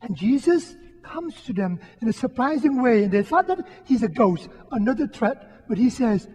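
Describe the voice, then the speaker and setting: A priest delivers a homily in a soft, husky, mellow voice. He speaks gently and reflectively, pausing often. The sound rings with the long reverb of a church. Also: very high voice, big pitch swings. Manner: gentle, reflective, with frequent pauses. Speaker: Catholic priest giving a homily. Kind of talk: sermon. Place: church during Mass.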